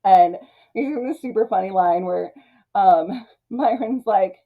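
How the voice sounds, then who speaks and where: A woman's voice: medium pitch, unhurried, lo-fi sound. A woman hosting a movie review, recapping the plot in a chatty way, laughing often and leaning on "like" and "you know.".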